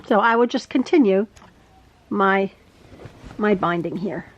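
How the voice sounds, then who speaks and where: A woman's voice: medium pitch, a little slow, highs cut off, noisy background. A woman teaching quilting in a chatty, casual tutorial from her home sewing room, often repeating herself and stumbling over words. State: a little out of breath.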